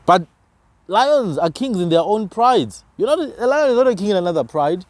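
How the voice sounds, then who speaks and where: Man, slightly high voice, animated and preachy, podcast talker. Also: moderate pace, no echo. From South Africa. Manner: emphatic, preachy, rhetorical questions. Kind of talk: passionate conversational argument.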